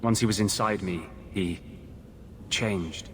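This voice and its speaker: A man's voice: fairly low pitch, slow, a bit bright, slightly rough, exaggerated voice. An actor voicing a brooding male mage haunted by a vengeful spirit, speaking in a grave, intense, earnest way in video game dialogue. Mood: grim.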